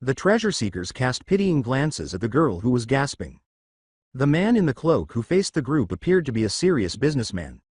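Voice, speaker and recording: A man narrating a fan fiction story with steady storytelling. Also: mid-range voice, husky, dry recording, studio quality.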